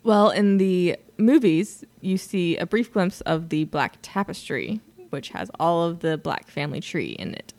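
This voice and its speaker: A woman's voice: lowish voice, animated, unhurried, few pauses, a little mellow. Chatty woman co-hosting a fan podcast. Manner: enthusiastic, explanatory, laughs often. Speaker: podcast co-host. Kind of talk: casual fan podcast chat.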